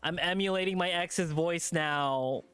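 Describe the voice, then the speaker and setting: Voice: mid-range voice, a little slow, fairly bright tone, smooth, no echo, soft background music. A streamer reading a visual novel aloud with casual, profane asides.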